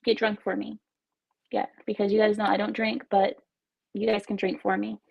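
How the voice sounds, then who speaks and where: A woman's voice: mid-range voice, flat delivery, moderate pace, gravelly, breathy edge, highs cut off. A woman from Texas, hosting a casual livestream from home on wireless earbuds, chatting and giggling as she reads viewer comments. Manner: chatty, giggly, self-teasing. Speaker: livestream host.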